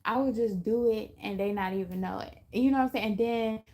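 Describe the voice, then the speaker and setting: A woman's voice: mid-range voice, brisk, vocal fry, dark tone. A woman giving a casual spiritual talk to her viewers, chatty, often laughing and acting out little voices. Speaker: astrology reader.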